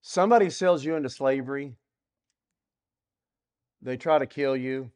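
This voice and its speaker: A preacher teaches through a Bible passage in a sermon, his medium-pitched voice clean-toned and unhurried. He poses rhetorical questions and swings between loud and soft.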